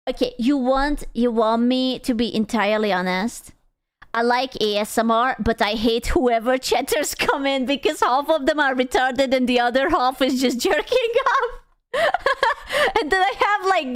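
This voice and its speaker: A woman's voice: sits high, clean tone, no echo. A woman streamer in casual live-stream chat, joking crudely and reacting to her chat.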